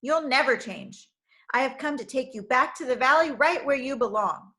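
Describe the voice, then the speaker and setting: A taunting, sneering male bully, loud and mocking, drawing out his threats slowly, as a woman reading a storybook puts him on. He sounds cruel and pleased with himself. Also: high voice, voice pushed up.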